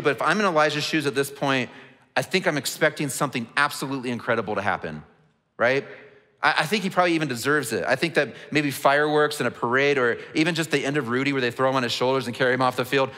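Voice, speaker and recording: A man's voice: medium pitch, sharp tone. A man preaching a sermon as a pastor, earnest and conversational, often restarting his words. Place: large church auditorium. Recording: long reverb of a large hall.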